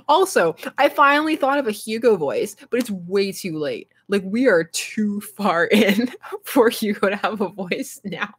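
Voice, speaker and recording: A woman's voice: mid-range voice, expressive, moderate pace, breathy edge. A young woman live streaming and chatting casually with her viewers, rambling and laughing often as she answers chat. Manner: reads and answers chat aloud.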